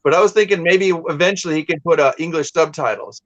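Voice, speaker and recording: Man, host, casual live-stream chat, rambling, fairly high pitch, dry close sound. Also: fast, a bit bright, no room sound, muffled recording. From California. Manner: rambling, storytelling, many restarts.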